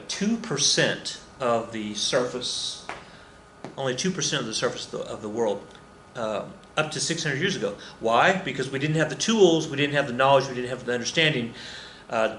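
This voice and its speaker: A man's voice: mid-range voice, fairly bright tone. A man teaching an anthropology lesson over slides, rambling and self-deprecating, with lots of fillers and asides. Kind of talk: recorded lecture over slides. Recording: echoey room with faint ambient noise.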